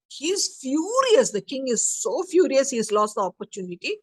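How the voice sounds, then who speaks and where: A woman teaching a study circle, telling a story in a lively way and acting out the quotes. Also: sits high, normal speed, no room sound. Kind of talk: storytelling lecture.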